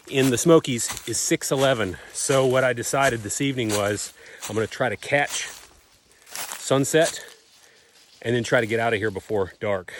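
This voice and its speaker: A man talking casually as a vlogger, easygoing and chatty, often pausing with "uh". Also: mid-range voice, slight background noise. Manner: easygoing, chatty, with frequent "uh" pauses. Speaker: vlogger and property owner. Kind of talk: casual vlog narration.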